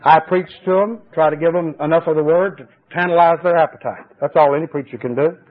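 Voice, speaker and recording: A man preaching a fervent sermon at a church service, his voice swinging between high exclamations and low, confiding asides. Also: fairly even intonation, fairly quick. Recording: tinny old cassette tape recording.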